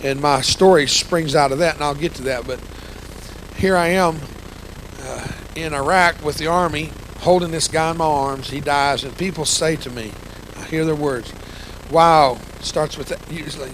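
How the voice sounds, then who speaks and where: A man's voice: on the high side, moderate pace, fairly bright tone, a little hiss or hum, rough recording. Older man telling stories. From United States. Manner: folksy, self-deprecating, emotional storytelling with quoted dialogue. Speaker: guest speaker, veteran. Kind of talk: storytelling sermon talk.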